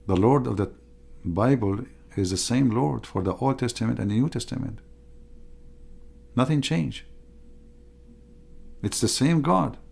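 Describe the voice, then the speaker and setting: Gravelly, husky low-voiced man. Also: unhurried, long pauses, darkish tone. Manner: emphatic, repetitive, non-native grammar. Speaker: religious debater. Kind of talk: livestream monologue.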